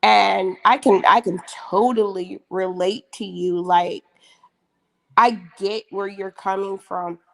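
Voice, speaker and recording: A woman with a mid-range voice speaks slowly and earnestly on a livestream panel. She takes her time and measures out each phrase. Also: mid-range voice, steady tone, creaky, a bit bright. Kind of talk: casual panel chat.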